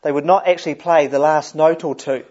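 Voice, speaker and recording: A man's voice: on the high side, fairly even intonation, brisk, darkish tone. Man preaching a conversational sermon. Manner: conversational, repeats words while thinking. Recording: dull lo-fi sound.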